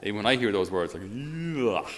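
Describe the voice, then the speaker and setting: An Irish man speaking as a priest in a conversational homily. He is a lively storyteller who often chuckles as he talks. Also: lowish voice, moderate pace. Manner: animated storyteller, chuckles while talking.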